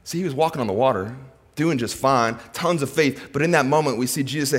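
Male pastor preaching a passionate sermon in a church, surging and dropping to quiet asides, echoing sanctuary. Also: medium pitch, fast, slightly rough. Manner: impassioned, swings from loud preaching to hushed asides. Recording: reverberant hall.

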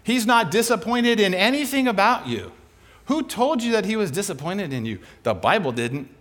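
Animated man preaching with lively pitch. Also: moderate pace. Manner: animated, conversational, rhetorical questions. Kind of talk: sermon.

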